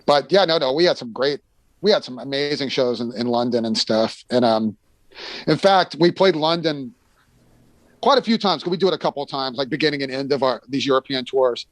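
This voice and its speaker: This middle-aged American man rambles through tour stories in a casual chat, full of fillers and restarts, sometimes acting out the people he quotes. His pitch is medium, his pace a little fast, and the recording has no room sound.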